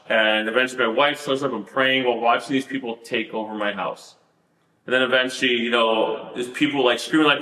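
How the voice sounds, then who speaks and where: A man's voice: medium pitch, fairly even intonation, fairly quick, sharp tone, roomy sound, rough recording. A man telling his story as a podcast guest, rambling with many fillers and laughing at the absurd parts. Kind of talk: storytelling in a casual interview.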